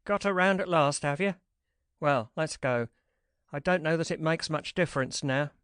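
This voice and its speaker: A cool young safecracker with an even, lowered voice and clipped, unhurried lines, acted by a woman narrator. He stays unruffled throughout this storybook reading. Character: cool, confident male safecracker, young man.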